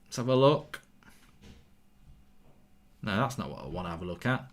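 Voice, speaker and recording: Excitable man hosting a football watchalong. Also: lowish voice, normal speed. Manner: excitable, cheering goals, reading viewer comments aloud. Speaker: watchalong host. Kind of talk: live football watchalong commentary and chat.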